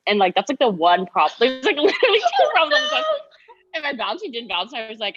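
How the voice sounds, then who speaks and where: A woman's voice: on the high side, huge pitch swings, quick pace, no room sound, muffled recording, soft background music. A young woman, a university student, chatting casually and poking fun at herself. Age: young adult. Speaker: student panelist. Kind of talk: casual chat.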